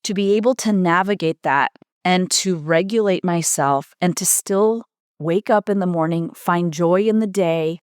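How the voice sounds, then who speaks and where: A woman's voice: on the low side, a little mellow, clean tone, dry recording, studio quality. A middle-aged woman hosting her own coaching podcast, speaking earnestly and heartfelt, with emphatic repetition. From United States. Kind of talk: personal podcast monologue.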